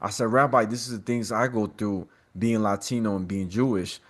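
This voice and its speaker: A man who is a guest on a podcast, telling animated personal stories in a casual, slangy, streetwise way. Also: on the low side, moderate pace.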